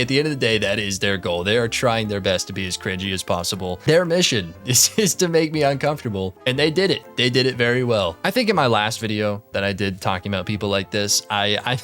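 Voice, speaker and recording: A man's voice: mid-range voice, fairly bright tone. Rambling, profane male commentator. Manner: rambling, profane, frequent fillers and restarts. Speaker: commentary YouTuber. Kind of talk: casual reaction commentary.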